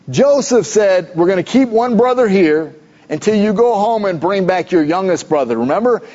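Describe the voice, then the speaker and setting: A male pastor preaching a sermon in a conversational, animated storytelling way, with rhetorical questions. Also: high voice. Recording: dull lo-fi recording.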